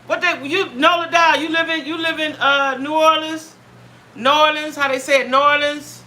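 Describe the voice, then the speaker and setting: Chatty bright-voiced woman on a live stream. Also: high voice, fairly even intonation, normal speed. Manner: chatty, greets viewers by name, repeats herself. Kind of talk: casual live-stream chat. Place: home. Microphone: phone or webcam.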